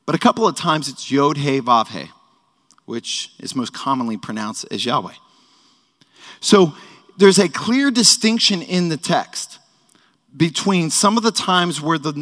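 A man's voice: a little high, fairly bright tone. A man in his thirties teaching a sermon at a worship service, casual and joking, with frequent conversational asides. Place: worship hall. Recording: echoey hall reverb.

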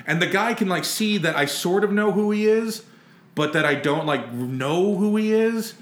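A man's voice: high voice, lively intonation, moderate pace, roomy sound. A man telling a rambling, comic story in casual chat, laughing and swearing freely. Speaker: podcast co-host telling a story.

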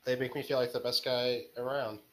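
A man's voice: medium pitch, steady tone, a little fast, a bit bright, low-quality recording. Male interview guest, laid-back and joking, self-deprecating. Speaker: podcast guest, story author. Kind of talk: casual interview chat.

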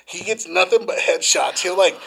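A man co-hosting a podcast, telling a wild story in casual chat, profane and animated, acting out the voices of the people in it. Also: sits high, moderate pace, creaky, breathy edge, poor audio. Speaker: podcast co-host.

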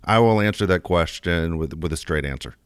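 A man's voice: deep voice, brisk, smooth, dry recording, clean studio sound. A middle-aged man speaking frankly in a casual chat about his kids, often restarting his sentences. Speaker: podcast co-host.

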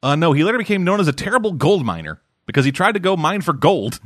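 A man's voice: on the high side, big pitch swings, fast, dry recording, studio quality. A man from Canada, co-hosting a casual podcast chat, rambling and swearing freely as he sums up a manga series. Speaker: podcast co-host reviewing manga.

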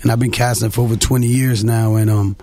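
A man in his forties works as a casting director and tells his stories as a panel guest. He talks in an animated way and often restarts his sentences. The sound is dry and close. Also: medium pitch, fast, no echo.

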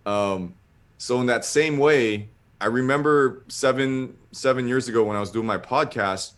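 A man's voice: mid-range voice, moderate pace, fairly bright tone. A man telling a long casual story, rambling with lots of filler words.

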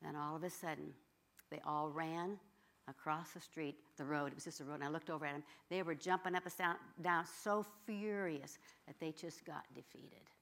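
A woman preaching with a bright, forceful tone and a fairly low voice. She tells her story in an animated way, rising to loud outbursts and then dropping to near whispers. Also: normal speed, gravelly. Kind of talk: sermon storytelling.

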